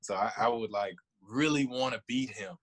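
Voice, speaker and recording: A man's voice: medium pitch, normal speed, breathy edge. Laid-back man talking slangy trash. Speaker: guest. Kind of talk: casual sports chat.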